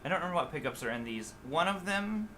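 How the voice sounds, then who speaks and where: A man's voice: a little high, sing-song, quick pace, sharp tone, slight background noise. An American man with a mixed Midwest and Southern accent, chatting casually and loosely on a live stream as a guitar teacher, full of fillers and restarts. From USA. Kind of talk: casual livestream chat.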